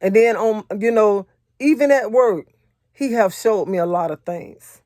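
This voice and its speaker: A woman's voice: mid-range voice, lively intonation, unhurried, a little mellow, dry recording. Woman, faith encouragement, repetitive preaching, casual testimony, dry close sound. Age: adult, married. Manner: repetitive, earnest, conversational preaching; personal testimony in casual vernacular. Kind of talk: motivational faith talk.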